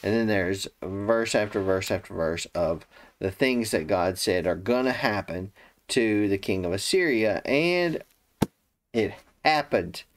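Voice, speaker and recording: A man's voice: fairly low pitch, expressive, unhurried. Guy doing casual bible commentary, talks it through like a story, does the voices. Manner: conversational, retells the story in his own words; acts out the quoted speakers. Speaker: Bible teacher.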